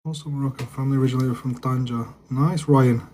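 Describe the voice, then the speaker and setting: A young man from England with a northern English accent chats casually on a live stream, answering viewer comments in a loose, chatty way and repeating himself. His medium-pitched, darkish voice is fast with fairly even intonation, over slight background noise.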